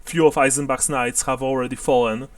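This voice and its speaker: A man's voice: medium pitch, fairly even intonation, brisk, no echo, distant mic. A man narrating and explaining rules as game master of a tabletop game, laughing often.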